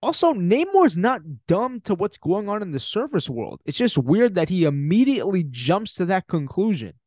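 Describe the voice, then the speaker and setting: A man's voice: high-pitched, sing-song, moderate pace, darkish tone, no echo, studio quality. A man hosting a podcast, giving a casual, emphatic film review with frequent swearing and laughter. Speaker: podcast host.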